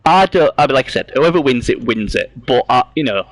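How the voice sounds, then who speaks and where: Animated, laughing man chatting. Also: mid-range voice, brisk, no echo. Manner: laughing often, swearing, animated storytelling. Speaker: talk show co-host. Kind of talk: casual banter about tabletop game league.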